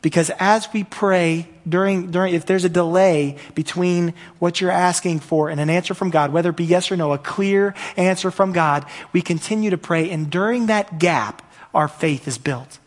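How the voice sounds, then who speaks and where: A man's voice: sits high, normal speed, few pauses. A man preaching a sermon as pastor, earnest and repetitive, building in intensity at the peaks.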